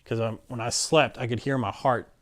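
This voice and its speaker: A man's voice: medium pitch, steady tone, normal speed, a bit bright. A middle-aged man candidly recounting a personal story in an interview, acting out what people said. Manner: candid, plainspoken, acts out quotes.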